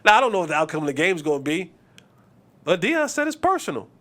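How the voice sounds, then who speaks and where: Very animated and fast-talking, a sports podcast host in his thirties uses an unusually high voice with a bright, forceful tone. He hammers his points emphatically through repetition and casual street slang.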